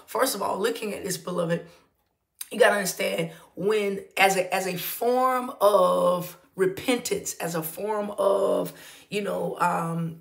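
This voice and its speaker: A woman pastor giving a live morning devotional in a casual, animated way, repeating greetings and using many fillers. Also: on the low side, creaky.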